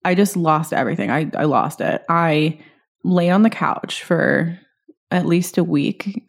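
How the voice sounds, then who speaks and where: A woman hosting a podcast, candidly telling a personal story in a halting, unscripted way with many fillers. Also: low voice, gravelly, darkish tone. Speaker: podcast host.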